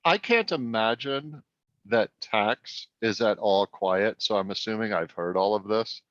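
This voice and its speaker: A man's voice: on the low side, measured pace, a bit bright, no room sound, lo-fi sound. A man playing a tabletop game, chatting casually and explaining in a matter-of-fact, helpful way. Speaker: player. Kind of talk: casual chat.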